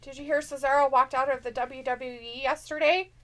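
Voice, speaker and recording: Woman, live stream co-host, casual chat, teasing, reads viewer messages aloud, high pitch. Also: fairly even intonation, brisk, a bit bright. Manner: teasing, chatty, jokey.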